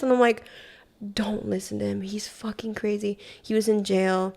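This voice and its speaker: A young woman talks in a casual, animated way as a podcast guest. She swears freely and acts out the voices of people in her story. Her voice has a gravelly, fry-tinged edge at a middle pitch. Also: moderate pace. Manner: animated retelling, heavy swearing, acts out quotes. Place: Hawaii.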